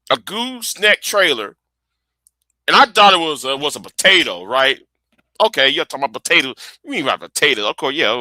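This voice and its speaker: A man's voice: fairly high pitch, pushed and bright, no echo. A man from Texas, chatting casually on a livestream in a rambling, profane way with stammering restarts. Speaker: livestream host.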